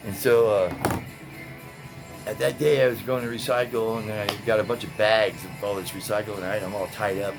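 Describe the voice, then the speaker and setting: A laid-back man talks straight to his viewers, stretching out his words and filling them with "man" and "you know." Music plays clearly behind his voice. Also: mid-range voice, low-quality recording. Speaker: tie-dye video host. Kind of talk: casual storytelling to viewers.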